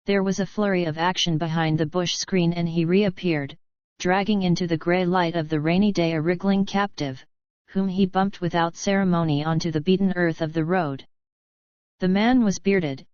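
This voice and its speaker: A woman narrating an audiobook in a measured, even reading. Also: lowish voice, clear, resonant tone, no room sound, muffled recording. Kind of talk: scripted narration.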